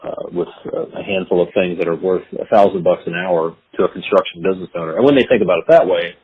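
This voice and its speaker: Low husky-voiced male podcast host. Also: fast talker. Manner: earnest advice-giving, frequent restarts. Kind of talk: conversational interview. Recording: phone-like lo-fi line.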